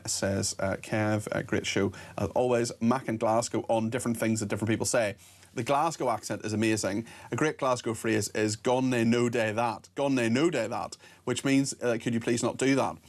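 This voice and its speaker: A man from Northern Ireland hosting a talk radio show, reading out listener messages with chatty asides. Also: fairly low pitch.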